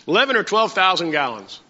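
A man's voice: on the high side, sharp tone. Preacher man in an echoing hall. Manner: conversational, asks the congregation questions. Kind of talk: Bible-study sermon. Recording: muffled sound with long hall reverb.

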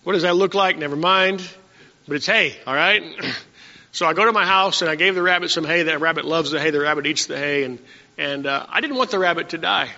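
A man preaching with a bright, gravelly voice, a touch higher than most. He moves between slow scripture reading and folksy storytelling, and the dull lo-fi recording carries a long church reverb. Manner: reads verses slowly, then tells folksy stories. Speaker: pastor.

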